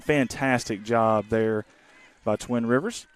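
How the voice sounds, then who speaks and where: A man in his thirties giving casual, rambling live play-by-play of a softball game from the field outdoors. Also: medium pitch, fairly quick. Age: 30s. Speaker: sports webcaster.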